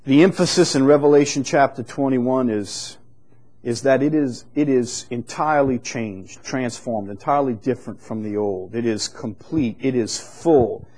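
A man preaching a sermon in an unhurried, conversational teaching manner, growing louder and higher when he reads scripture aloud. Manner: rises in pitch and volume when reading scripture aloud.

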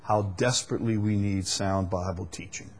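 A man preaching a sermon to a congregation in a church. He moves between loud, emphatic peaks and low, quiet passages, and puts rhetorical questions to his listeners. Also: fairly even intonation, moderate pace, slight background noise. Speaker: pastor.

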